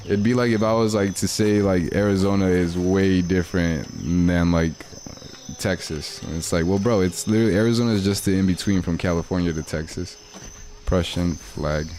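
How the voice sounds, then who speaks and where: A man's voice: deep voice, moderate pace, darkish tone, a little hiss or hum. A young man, chatting casually and rambling in slang while livestreaming a game. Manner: slangy, rambling, laid-back. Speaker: streamer.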